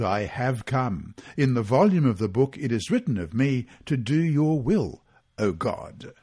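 A man reading a weekly Bible study guide aloud, measured and earnest, reading the scripture passages in full. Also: mid-range voice, darkish tone, breathy edge.

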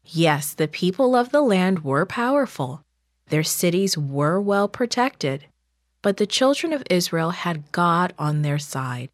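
A woman narrating a children's Bible story in a slow, measured, gentle scripted reading. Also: lowish voice, big pitch swings, dry recording, studio quality.

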